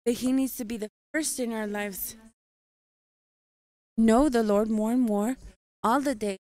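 A woman preaching in a measured, exhorting way. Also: on the high side, fairly even intonation, a little mellow, dry recording. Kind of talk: sermon.

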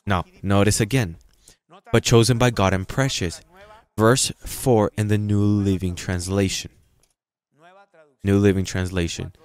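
A man preaching a sermon as pastor, reading scripture slowly and breaking into sudden loud, emphatic passages. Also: on the low side, steady tone, clean tone. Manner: reads scripture aloud slowly and stresses it.

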